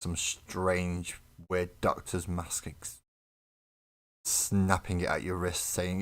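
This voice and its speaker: A man's voice: low voice, fairly even intonation, a little slow. A man chatting casually on a live painting stream, rambling and joking with viewers at his desk. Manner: rambling, joking, self-deprecating banter with chat. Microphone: desk mic on live webcam stream.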